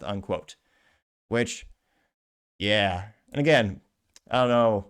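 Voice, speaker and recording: A man's voice: on the low side, lively intonation, slow, long pauses, clear, resonant tone. Sarcastic male commentary show host. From Cuban heritage. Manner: dry, sarcastic and joking, with self-deprecating asides. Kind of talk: online commentary reading social media comments.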